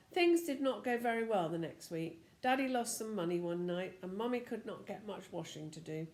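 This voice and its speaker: Lively older woman reading a storybook. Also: medium pitch, echoey room. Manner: lively, addresses the listener. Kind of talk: reading a children's storybook aloud.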